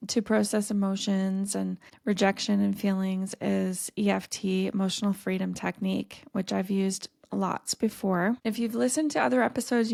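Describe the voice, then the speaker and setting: A middle-aged woman talks through her solo podcast as a dating coach, gentle and earnest. Her voice has a gravelly edge at an ordinary pitch for a woman. The sound is dry and close, with no room around it. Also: dry recording.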